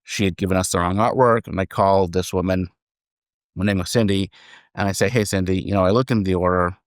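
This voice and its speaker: A man being interviewed on a podcast as a company chairman, telling stories in a relaxed, conversational way and acting out the quoted dialogue. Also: low voice, quick pace, no room sound, clean studio sound. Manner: animated storyteller, acts out quoted dialogue.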